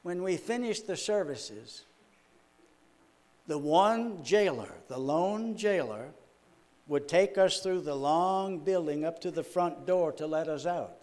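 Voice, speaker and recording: Older preacher guy telling stories from the pulpit, folksy and chuckly, voice a bit high. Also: lively intonation, slow pace, a little mellow. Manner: folksy, chuckling, conversational storytelling. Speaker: minister. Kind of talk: sermon with personal stories.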